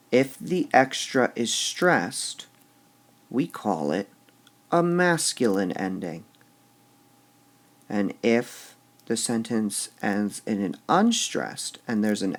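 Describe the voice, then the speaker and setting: A man explains poetic meter at an unhurried pace, with a gravelly edge to his voice. His pitch moves a lot as he sounds out each stressed syllable, and he drops to a quiet mutter while he works through an example. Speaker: teacher. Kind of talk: screen-recorded lesson on poetic meter.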